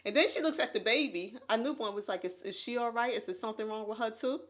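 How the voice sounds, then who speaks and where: Animated woman telling a story. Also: fairly high pitch, quick pace. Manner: animated, laughs often, acts out quoted voices. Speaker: podcast co-host. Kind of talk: casual storytelling chat. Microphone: USB condenser mic.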